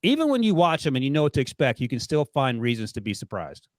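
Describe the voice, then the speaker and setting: A man's voice: medium pitch, wildly swooping pitch, quick pace, dry recording. A man hosting a sports podcast in a casual, playfully teasing way. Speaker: podcast host.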